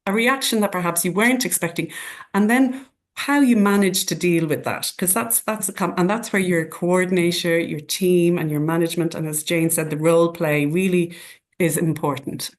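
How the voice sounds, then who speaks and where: A woman's voice: on the low side, normal speed. An Irish woman facilitating a panel discussion, talking in a conversational way and passing questions to the panelists.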